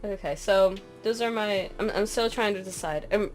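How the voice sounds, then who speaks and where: A woman co-hosting a casual podcast chat, animated and quick to laugh, often breaking off mid-sentence. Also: medium pitch, soft background music. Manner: animated, laughing, self-interrupting. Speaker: podcast co-host.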